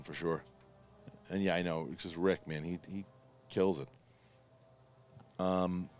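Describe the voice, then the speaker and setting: A man hosting a casual watch-along review, talking excitedly in quick bursts and laughing often. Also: low-pitched. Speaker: host.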